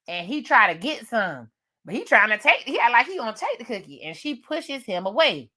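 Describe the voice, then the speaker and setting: A woman's voice: fairly high pitch, big pitch swings, fairly quick, pushed and bright. A woman recapping a horror movie with jokes and slang, laughing often. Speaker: movie reviewer.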